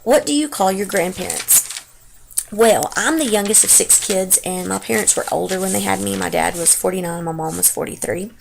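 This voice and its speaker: A woman's voice: mid-range voice, moderate pace, vocal fry, background noise. A Texan woman in her thirties, chatting casually through a dialect quiz, rambling and unsure with lots of ums and trailing asides. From Texas. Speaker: vlogger. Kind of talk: casual dialect-tag chat.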